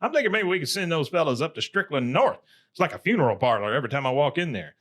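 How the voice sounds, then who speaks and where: A man voicing a boisterous older male propane company boss, loud and folksy. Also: fairly high pitch, very animated, quick pace. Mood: hearty.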